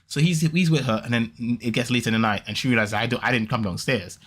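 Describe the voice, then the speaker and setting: A man hosting a podcast, telling a story in casual chat, rambling and animated, with quick restarts and repeats. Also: medium pitch. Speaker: podcast host.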